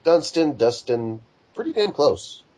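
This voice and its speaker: A man's voice: a little high, very animated, measured pace, mellow. A young man co-hosting a casual podcast, teasing and joking with his friends. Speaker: podcast co-host. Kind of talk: casual chat.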